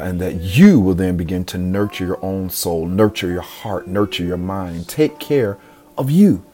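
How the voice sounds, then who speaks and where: A man's voice: deep voice, mellow. A man hosting a motivational podcast, earnest and emphatic, often repeating phrases for effect. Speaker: podcast host.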